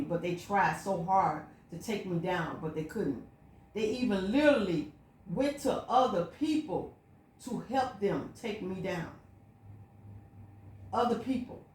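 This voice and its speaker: A woman's voice: medium pitch, darkish tone. A woman vlogging a personal spiritual monologue, telling her story in an emphatic, repetitive, looping way. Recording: echoey room.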